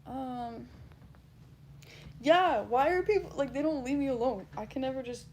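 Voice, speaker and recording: A woman's voice: sits high, normal speed, a little hiss or hum. A woman livestreamer casually reading and answering chat, blunt and laughing, swearing freely.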